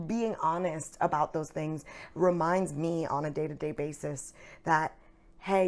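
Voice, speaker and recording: A woman, an actress, speaking openly and earnestly about her feelings in a casual interview chat, with plenty of fillers. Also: low voice. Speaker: actress, guest.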